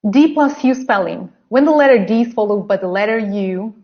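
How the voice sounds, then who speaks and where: A woman teaching English pronunciation in an online webinar, slowly exaggerating sounds and reading practice sentences for learners to repeat. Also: medium pitch, lo-fi sound. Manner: slow, carefully exaggerated pronunciation drills.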